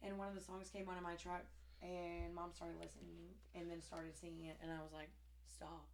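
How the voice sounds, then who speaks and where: Chatty woman, lowish voice. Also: level tone, a little fast, vocal fry, a little hiss or hum. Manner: chatty storyteller, laughs often, swears. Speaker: podcast co-host. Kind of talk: casual podcast chat.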